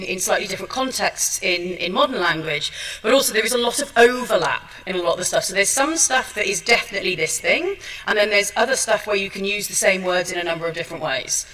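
A woman's voice: medium pitch, brisk, a bit bright, recorded from a distance, rough recording. A woman giving a chatty, self-deprecating seminar talk, with many ums and restarts. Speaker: seminar speaker. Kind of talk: chatty presentation. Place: seminar room at a trade show.

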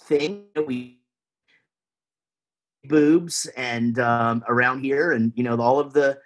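A man's voice: mid-range voice, fairly even intonation, takes it slowly. A man with a Texan accent, chatting casually as a podcast guest, rambling with lots of fillers and restarts. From Texas, USA.

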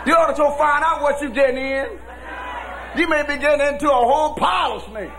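A man preaching a sermon as pastor, shouting in a folksy preaching cadence. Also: extremely high pitch, fairly quick, a crowd in the background, noisy background. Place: church with congregation.

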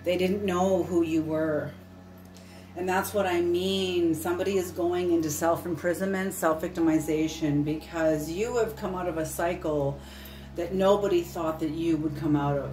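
A woman's voice: lowish voice, steady tone, normal speed. A woman giving an intuitive tarot reading, earnest and emphatic, repeating her points. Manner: earnest, repetitive, emphatic, occasional swearing. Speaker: tarot reader. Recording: roomy, distant mic with soft music.

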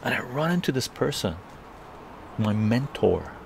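A man's voice: mid-range voice, big pitch swings, measured pace, gravelly, slight background noise. A middle-aged man from Canada casually telling a rambling story on a live stream, tagging his sentences with "right?".

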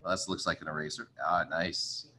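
Low-voiced man teaching chemistry. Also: level tone, normal speed, bright, forceful tone, slight background noise. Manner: chatty, apologetic, thinks aloud while writing. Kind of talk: casual recorded lecture.

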